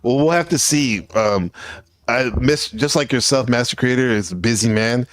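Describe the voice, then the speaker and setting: A man's voice: mid-range voice, moderate pace, no echo. A man hosting a casual panel show, teasing his guests with loose, profane banter. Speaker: host.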